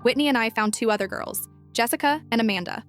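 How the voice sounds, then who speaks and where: A woman narrating a first-person story in an even, measured way. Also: on the high side. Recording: faint music underneath.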